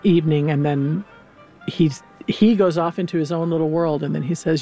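Brief: woman opera singer as interview guest, lively storyteller, faint music behind. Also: sits low, moderate pace. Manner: animated, acts out characters' lines while retelling. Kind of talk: conversational interview.

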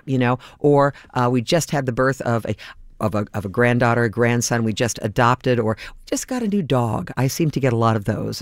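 A male radio host chatting warmly with his co-host and asking listeners to donate during a pledge drive. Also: medium pitch, no room sound, studio quality. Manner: chatty, friendly appeals to listeners. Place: radio studio.

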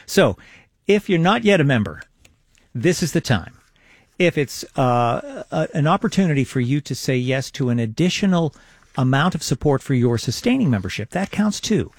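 A man's voice: big pitch swings, normal speed, no echo, clean studio sound. A man co-hosting a radio pledge drive, making an earnest, persuasive appeal for listener support. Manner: earnest, persuasive pitch with repeated phrases. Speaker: radio co-host. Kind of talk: on-air fundraising appeal. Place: radio studio. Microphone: studio microphone.

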